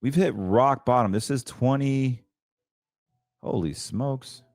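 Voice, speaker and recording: A man's voice: medium pitch, slow pace, a little mellow, no echo. A man hosting a financial show, talking through trades in a chatty, emphatic way, stumbling over words and correcting himself. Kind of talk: casual market commentary.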